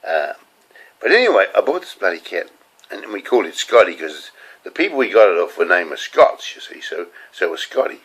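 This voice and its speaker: A man's voice: low-pitched, very animated, a little fast, a bit bright, husky, rough recording. An older man with a New Zealand accent, rambling through casual stories to the camera in a chatty, digressive way. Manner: chatty, digressive, laughing at his own stories. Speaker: home video host.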